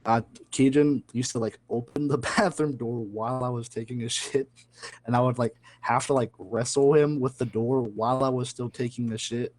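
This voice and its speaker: Young male podcast co-host, easygoing, quick to laugh, casual swearing, mid pitch. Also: steady tone, a little mellow. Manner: laughs easily, loose swearing, filler-heavy. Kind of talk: casual chat.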